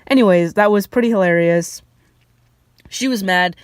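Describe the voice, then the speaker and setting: A young woman vlogger telling childhood stories in a chatty, lively way, with laughs and fillers. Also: medium pitch, normal speed, smooth, dry recording, clean studio sound. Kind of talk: casual storytelling.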